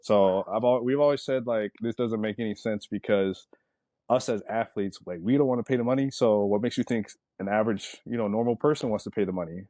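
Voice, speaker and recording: A man, a pro sprinter, chatting in an interview, telling stories in a relaxed, rambling way with lots of fillers. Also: on the low side, brisk, dry recording. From United States. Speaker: Olympic sprinter guest. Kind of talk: casual interview talk.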